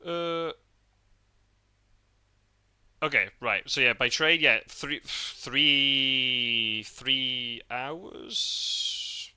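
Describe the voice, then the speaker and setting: Man, from the UK, podcast host, casual rambling chat, very bright tone. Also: mid-range voice, extremely slow, smooth. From United Kingdom. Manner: chatty, rambling, full of fillers and restarts. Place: parked car.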